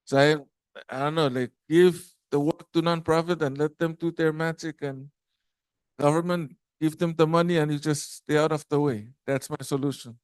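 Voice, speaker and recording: Male panelist, clear and smooth, dry close sound, halting delivery full of fillers. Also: a little high, fairly even intonation, no echo. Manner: halting, many fillers and restarts, gets emotional. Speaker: summit panelist. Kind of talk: panel discussion remarks. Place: conference room.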